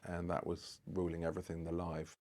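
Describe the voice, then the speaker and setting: A man's voice: low-pitched, monotone, brisk, darkish tone. A man, a guest on a podcast, telling a long anecdote in casual chat and acting out the dialogue as he goes. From Britain. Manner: rambling storyteller who acts out dialogue.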